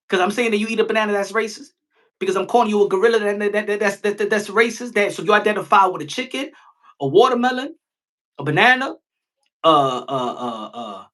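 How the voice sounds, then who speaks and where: Male boxing streamer, loose, profane, with a bright, sharp tone. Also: high-pitched. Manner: animated, profane, jumps into mocking impressions. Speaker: boxing live-stream host. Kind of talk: live-stream chat.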